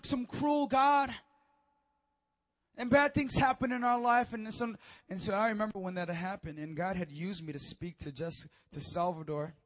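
A young man preaches a sermon, telling a story with emotion and building to near shouts at its high points.

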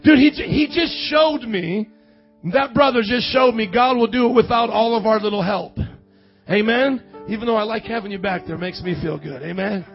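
A male preacher with a very high voice, wound up and charismatic. He swings between loud, excited bursts and low, musing asides. The recording is dull and lo-fi, with faint music playing behind him. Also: normal speed, vocal fry. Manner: excitable, loud outbursts, then drops low to muse. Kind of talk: charismatic sermon.

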